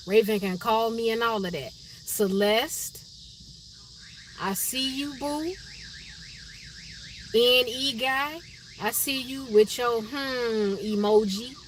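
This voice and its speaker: A woman's voice: on the high side, fairly bright tone, a little hiss or hum. Chatty Chicago woman on a live stream. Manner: chatty, reads viewer names and comments aloud. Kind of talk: casual live-stream chat with viewers.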